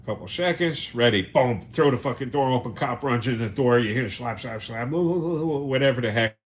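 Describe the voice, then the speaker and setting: A man telling a rough street story on a livestream, loud and profane. He stammers and repeats himself, then acts out the shouting in the story. His voice sits at an ordinary middle pitch. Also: lively intonation, normal speed, a little hiss or hum. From United States. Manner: profane, emphatic, repeats words, acts out quotes. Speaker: livestream host. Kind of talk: casual storytelling monologue.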